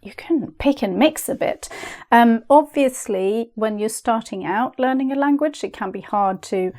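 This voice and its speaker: A woman with a Swedish accent, a language teacher chatting as a guest on a podcast and telling stories in a lively way. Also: on the high side, a little slow. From Sweden. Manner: lively, storytelling, often checks in with "right?" and "yeah?". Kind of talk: casual podcast conversation.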